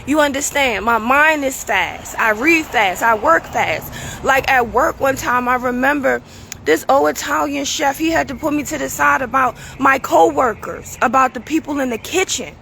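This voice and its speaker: High-pitched woman, raspy and worn out, bright pushy voice, preachy casual talk, faint traffic behind. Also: moderate pace. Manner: preachy, casual, keeps asking "you understand?". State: strained, tired voice. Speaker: show host. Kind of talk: motivational talk to viewers.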